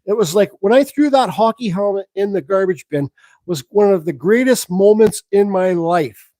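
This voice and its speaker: A man with a fairly high voice rambles through a story on a live stream, frank and loose with his swearing. The sound is close and dry, with no room around him. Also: animated, normal speed, warm tone, no room sound, low-quality recording. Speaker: woodcarving channel host.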